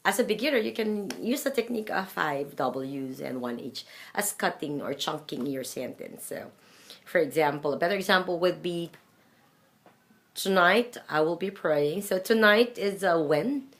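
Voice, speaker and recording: A woman with a Filipino accent teaching English pronunciation, slowly and deliberately demonstrating sounds with repeated examples. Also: lowish voice, expressive. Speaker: English fluency trainer. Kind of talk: pronunciation lesson.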